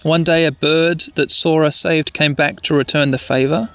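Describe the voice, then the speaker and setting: A man's voice: a little high, steady tone, normal speed, a bit bright, no echo. A man voicing Tai, an upbeat joking boy hero from a game, in his own voice.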